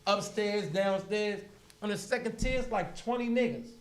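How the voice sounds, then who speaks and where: Animated Harlem man telling prison stories. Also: sits high, normal speed, echoey room. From Harlem, New York. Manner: animated, acts out prison dialogue, laughs often. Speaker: interview guest. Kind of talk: casual storytelling interview.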